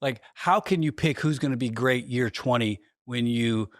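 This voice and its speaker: A man in his forties on a podcast, pushing back with folksy, animated talk. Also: mid-range voice, normal speed, dry recording, clean studio sound. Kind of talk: casual podcast conversation.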